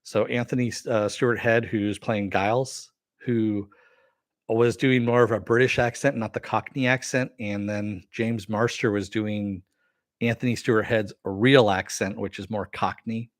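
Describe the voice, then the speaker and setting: A middle-aged man hosting a live-stream review, chatting casually and answering viewer comments with many fillers and pauses. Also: lowish voice, fairly even intonation, dry recording, clean studio sound. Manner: rambling, with frequent fillers and throat clearing.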